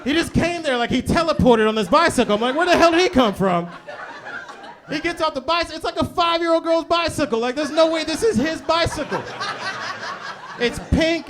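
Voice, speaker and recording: A man performing an animated stand-up comedy set on a club stage, often tagging jokes with "right?". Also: extremely high pitch, fairly quick. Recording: noisy live club recording. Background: audience laughter.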